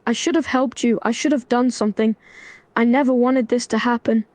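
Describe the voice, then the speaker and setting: A text-to-speech woman's voice, narrating a melodramatic role-play story and speaking its lines in an even, scripted way. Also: a little high, brisk, no echo. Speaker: AI chatbot narrator.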